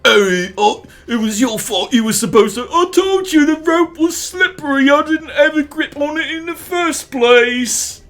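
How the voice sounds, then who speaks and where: A man voicing a mud-covered festival contestant who loudly blames a teammate for a lost tug of war. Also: very high-pitched, animated, a little slow, few pauses, pitched above the performer's own voice, full character voice. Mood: complaining. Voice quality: loud and whiny, blaming. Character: sore-loser mud-covered festival brawler.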